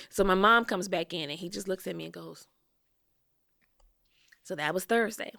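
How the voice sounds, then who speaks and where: Woman guest, casual storyteller who voices others' lines; medium pitch, dry recording. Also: normal speed, creaky, pauses often, pushed and bright, no echo. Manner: conversational, frequent "like", acts out quoted voices. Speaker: podcast guest. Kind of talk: personal storytelling.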